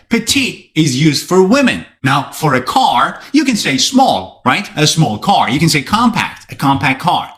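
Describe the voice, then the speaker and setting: A male English teacher giving a vocabulary lesson straight to camera. His pitch sits a little high and leaps about constantly, and he keeps things playful with joking asides. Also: fairly bright tone.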